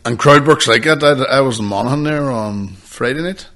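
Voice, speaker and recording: A man's voice: medium pitch, normal speed, a bit bright. A young man, a stand-up comedian swearing and rambling through stories in casual podcast chat.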